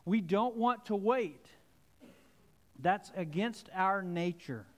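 Man, pastor preaching a sermon, fairly high voice, dramatic shifts from soft to emphatic, long hall reverb. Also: lively intonation, slow.

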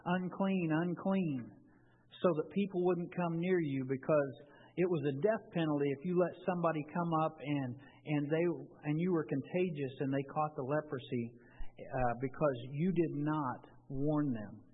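A man's voice: a little high, moderate pace, breathy edge. A man preaching a sermon in a conversational way, often restarting his phrases. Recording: tinny, phone-like with long reverb.

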